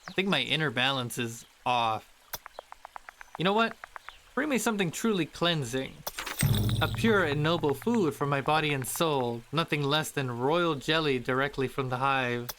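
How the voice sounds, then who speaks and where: A man's voice: a little high, lively intonation, moderate pace, background noise, close to an everyday voice. A man voicing a self-important male lutin mushroom master in a mock French accent, theatrical and chuckling. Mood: earnest.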